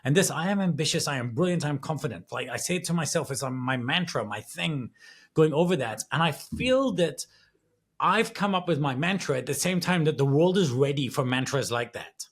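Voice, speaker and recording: A man co-hosting a podcast, thinking out loud in a rambling, reflective way with many restarts in a casual conversation. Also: a little high, expressive, normal speed, breathy edge. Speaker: podcast co-host.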